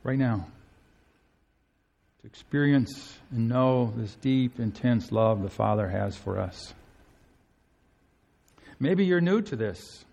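A man preaching a sermon in an earnest, pleading way, swinging between soaring emphasis and hushed tenderness. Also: mid-range voice, lively intonation, slow pace, creaky, pauses often.

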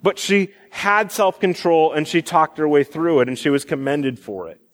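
A man's voice: fairly high pitch, lively intonation, moderate pace. A young man in his twenties or thirties preaching a sermon, talking conversationally with fillers and restarts. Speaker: pastor. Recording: long hall reverb.

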